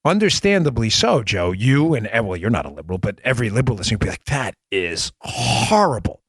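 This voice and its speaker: A man's voice: on the low side, very animated, racing, breathy edge, no echo. A man hosting a podcast, delivering emphatic, impassioned political commentary. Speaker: podcast host.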